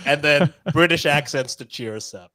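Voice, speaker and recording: A man's voice: a little high, moderate pace, bright, forceful tone. A man co-hosting a live-stream podcast, reading stories aloud in a joking, self-deprecating way and laughing often. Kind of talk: casual live-stream chat.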